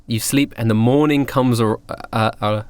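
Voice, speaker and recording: A man narrating as game master of a tabletop game, in a relaxed, halting way. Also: medium pitch.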